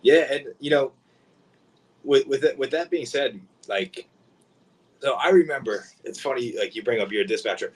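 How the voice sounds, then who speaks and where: A man hosting a podcast, telling stories in a relaxed, conversational way. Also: mid-range voice, moderate pace, husky, poor audio. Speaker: podcast host. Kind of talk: casual chat.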